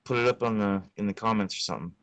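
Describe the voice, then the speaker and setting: A man's voice: on the low side, racing, fairly bright tone, no echo, low-quality recording. A young adult man hosting a podcast in casual chat, laid-back, swearing a lot and laughing often. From Utah. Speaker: podcast host.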